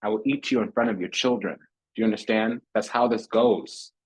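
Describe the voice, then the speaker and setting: A man delivers a tarot reading in a loose, talky monologue. His voice sits a little low and comes out husky. He is sassy and theatrical, calling listeners honey and darling and hammering points home by repeating himself. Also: moderate pace, low-quality recording. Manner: repeats phrases for emphasis. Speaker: tarot reader.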